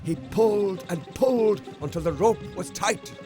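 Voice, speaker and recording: A man gently narrating a children's storybook in an expressive, unhurried way. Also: sits high. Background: music.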